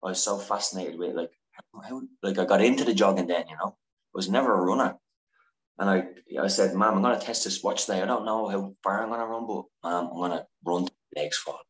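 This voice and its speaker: A man's voice: deep voice, fast, a bit bright. A man who is a podcast guest, telling an earnest, emotional personal story. He swears freely and often restarts his sentences. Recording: echoey room.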